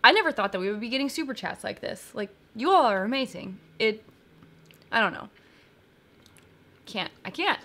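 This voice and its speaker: A woman's voice: fairly high pitch, lively intonation, moderate pace, long pauses, pushed and bright. A woman co-hosting a live whiskey stream, chatting casually in an emotional, giggly way. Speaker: co-host.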